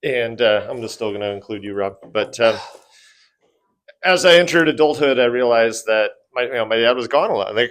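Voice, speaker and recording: A man who works as a financial advisor, sharing his background with a group in an event room. He talks in a conversational way and fills his pauses with ums and uhs. His voice sits in the middle range for a man. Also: mid-range voice. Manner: conversational, with fillers. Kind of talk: personal story told to a group.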